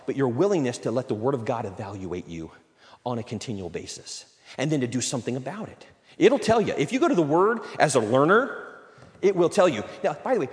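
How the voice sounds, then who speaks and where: Man, pastor, conversational sermon, acts out voices, slightly high voice, long hall reverb. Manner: conversational, animated, acts out little dialogues.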